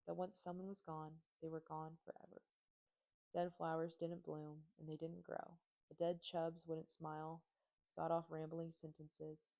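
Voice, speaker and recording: Low gravelly woman narrating an audiobook. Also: mellow. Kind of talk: first-person audiobook narration.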